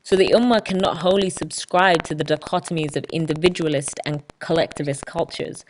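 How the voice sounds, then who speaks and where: A woman with a low voice hosts a solo podcast, explaining ideas step by step as if giving a talk. She drops dry, ironic asides along the way. Faint noise sits under her voice. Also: a little fast, poor audio. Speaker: podcast host.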